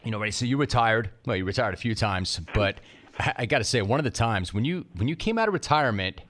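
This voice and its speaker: A man hosting a sports interview, asking questions in emphatic, animated bursts. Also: medium pitch, fast. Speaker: sports talk host.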